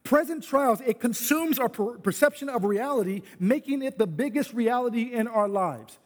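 Male pastor preaching loud, high voice, keeps saying listen listen, big echoey hall. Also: expressive, normal speed. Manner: preaching with loud yelling bursts, repeats "listen". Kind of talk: sermon.

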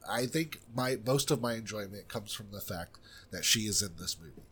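A man's voice: lowish voice, expressive, moderate pace, pushed and bright, slight background noise. A man co-hosting a film podcast, chatting casually and giving blunt, opinionated takes on a movie. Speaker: podcast co-host reviewing films. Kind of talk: casual chat.

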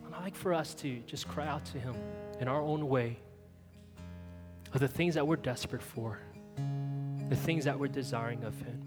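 A man's voice: mid-range voice, normal speed, pauses often. A man preaching a sermon as pastor, earnest and pleading, leading the church in prayer. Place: church hall. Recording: long reverb with soft guitar music behind.

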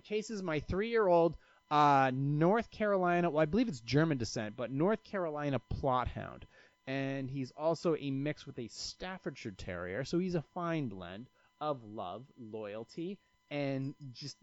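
A man's voice: mid-range voice, expressive, a little slow, no room sound. A man hosting a casual solo podcast, telling rambling stories full of profanity and restarts. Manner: rambling, profane, self-interrupting storyteller. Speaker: podcast host. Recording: dry, slightly dull lo-fi sound.

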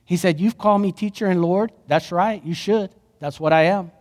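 Impassioned high-voiced male preacher. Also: brisk, few pauses, big-room sound. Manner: impassioned preaching, swings from hushed to loud. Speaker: pastor. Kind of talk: sermon.

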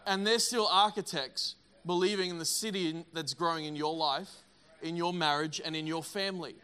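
A middle-aged man preaching a sermon, energetic and emphatic, often repeating words. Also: fairly high pitch, normal speed, clear, resonant tone. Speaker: pastor.

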